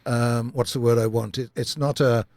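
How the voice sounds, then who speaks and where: A man's voice: medium pitch, fairly even intonation, normal speed, a little mellow, no room sound. A man in his seventies from Britain, a veteran voice-over narrator, chatting in an interview with dry, wry humor. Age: 70s. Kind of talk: casual interview chat.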